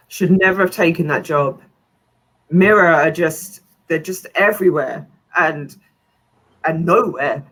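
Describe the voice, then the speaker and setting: A woman voicing a panicked male criminal merchant who shouts in a rushed, frantic way. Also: sits low, full character voice. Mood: despairing.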